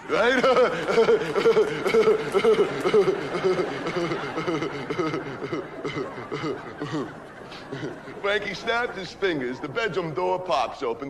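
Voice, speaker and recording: A stoned party dude rambling crude stuff, pitch bouncing all over. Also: male voice, noisy background, exaggerated voice. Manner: rambling, crude, keeps saying "man" and "right". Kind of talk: stage monologue.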